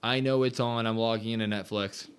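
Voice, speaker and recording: A man's voice: fairly low pitch, fairly even intonation, brisk, clear, resonant tone. Chatty man hosting a wrestling live stream. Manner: chatty, reads viewer comments aloud, grumbles about tech. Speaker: livestream host. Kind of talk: casual live-stream chat.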